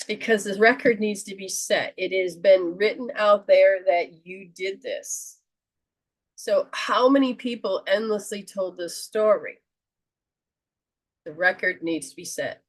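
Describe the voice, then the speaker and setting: A woman hosting a call-in show, giving a spiritual reading to a caller in a slow, earnest counseling tone. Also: mid-range voice. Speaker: host and metaphysician.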